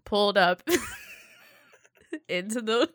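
A woman's voice: medium pitch, lively intonation, drawn-out words, a bit bright, dry recording, studio quality. A woman co-hosting a podcast in casual chat, telling stories sarcastically and acting out quotes. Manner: storytelling, sarcastic, acts out quotes. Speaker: podcast co-host.

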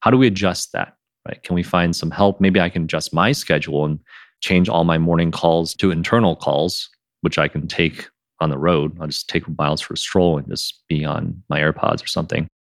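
Low gravelly man, animated chat. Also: brisk, dry recording, clean studio sound. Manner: animated, reenacts his own quotes in a higher voice. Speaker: podcast host. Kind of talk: casual conversation.

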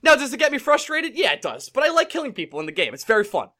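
A man's voice: extremely high pitch, huge pitch swings, rapid-fire. Angry young New man ranting. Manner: angry, yelling, swearing rant. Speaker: podcast host. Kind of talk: casual ranting chat.

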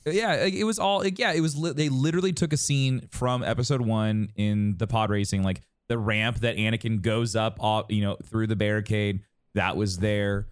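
A man's voice: lowish voice, fairly even intonation, normal speed, clear, resonant tone, dry recording, studio quality. A man co-hosting a podcast, rambling in casual chat with many restarts and fillers. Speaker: podcast co-host.

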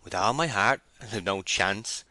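A man's voice: fairly low pitch, normal speed, pushed and bright, no room sound. A man voicing a jovial, flirtatious village man who talks cordially.

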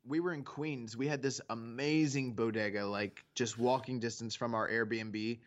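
A man's voice: medium pitch, fairly even intonation, moderate pace. A man co-hosting a podcast, chatting casually in a laid-back, joking way. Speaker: podcast co-host. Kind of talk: casual chat. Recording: dull lo-fi sound.

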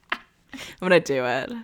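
Woman co-host, low and very animated voice, playful and jokey, casual chat. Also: fairly quick, a little hiss or hum. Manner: playful, joking, laughs often. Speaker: podcast co-host. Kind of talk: casual chat about figure skating.

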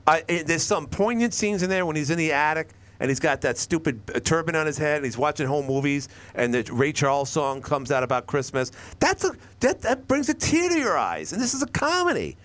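A man hosting a call-in radio talk show, rambling and animated as he acts out lines from shows. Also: a little high, a little fast, few pauses.

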